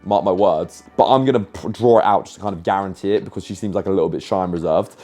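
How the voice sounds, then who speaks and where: Low, mellow-voiced sarcastic young man. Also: quick pace, hardly any pauses, faint music behind. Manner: sarcastic, swears casually, deadpan. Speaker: dating app vlogger. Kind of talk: casual commentary reading out chats.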